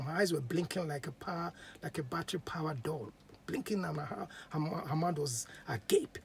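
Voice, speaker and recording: A man's voice: fairly high pitch, expressive, normal speed, gravelly, a little hiss or hum. A man, a podcast host telling history as a casual story, chatty and dropping to whispers at times.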